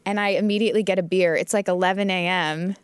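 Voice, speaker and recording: A woman's voice: fairly low pitch, steady tone, quick pace, clear, resonant tone. A young woman in her twenties, an actress telling a casual story in a podcast conversation, with laughs and swearing. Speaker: guest actress. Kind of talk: casual chat.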